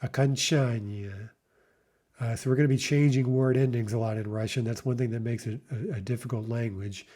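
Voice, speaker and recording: A man teaching a vocabulary lesson, saying each word slowly and repeating it, with patient explanations. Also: medium pitch, steady tone, mellow. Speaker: language teacher.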